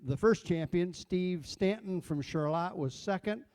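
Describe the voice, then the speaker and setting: An older man with a Midwestern American accent, a past champion auctioneer reminiscing in a folksy, halting way. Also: sits high, darkish tone. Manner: folksy, hesitant with fillers. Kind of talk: casual reminiscing.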